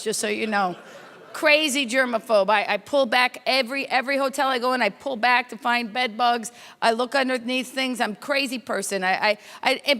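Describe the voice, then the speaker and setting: At a hotel conference's corporate welcome night, a woman with a highish, fairly bright voice does brash stand-up, working the crowd. She teases people and rattles through stories, her voice echoing around the hall.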